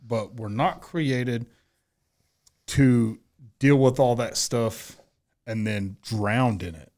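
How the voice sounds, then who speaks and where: A man's voice: mid-range voice, slow pace. A man co-hosting a casual faith podcast, talking frankly and acting out little quoted exchanges with laughter. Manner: animated, acts out quotes with laughter. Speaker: podcast co-host.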